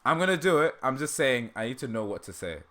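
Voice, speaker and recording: Bright-voiced man chatting on a stream. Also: medium pitch, sing-song, fast talker. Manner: laughs often, self-deprecating. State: dry throat. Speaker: livestream host. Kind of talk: casual livestream chat.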